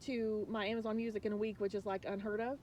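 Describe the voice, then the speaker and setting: A woman's voice: mid-range voice, level tone, fast, darkish tone, slight background noise. A woman spiritual coach talking casually and earnestly to viewers, rambling with many restarts and sharing emotional, confiding thoughts.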